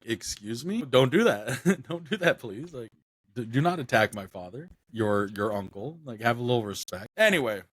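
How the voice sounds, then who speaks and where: A man's voice: medium pitch, fairly bright tone, no echo. Rambling young man on a dry mic. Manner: rambling, many fillers and restarts. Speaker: podcast co-host. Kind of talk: casual podcast chat.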